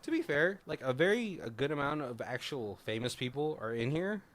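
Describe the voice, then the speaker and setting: Lively, laughing male podcast host. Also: mid-range voice, fairly quick. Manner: animated, laughs often, talks in loose run-on bursts. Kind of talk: casual chat reviewing a film.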